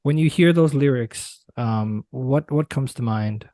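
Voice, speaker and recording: Hesitant man hosting an interview, dark voice. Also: mid-range voice, unhurried, no room sound. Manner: hesitant, many fillers. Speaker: interview host. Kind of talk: remote interview questions.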